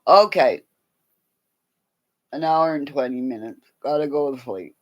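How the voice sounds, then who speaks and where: A woman from Canada chatting on a late-night livestream, playful and rambling, swinging between loud calls and quiet mutters. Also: extremely low pitch, measured pace.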